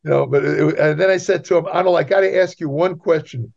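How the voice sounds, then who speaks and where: A man's voice: a little high, steady tone, fairly quick, vocal fry, a little mellow. Rambling male guest on a dull line. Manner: rambling, repeats himself, many restarts. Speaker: guest writer. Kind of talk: casual interview chat. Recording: dull lo-fi sound.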